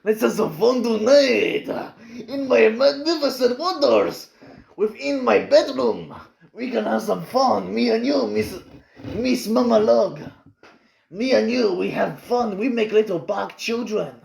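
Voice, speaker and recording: A man putting on a hammy, put-on accent to play a cocky suitor crooning loud, drawn-out flirtation, recorded in an echoey room. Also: sits high, creaky, heavily acted. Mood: smarmy flirting. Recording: roomy echo.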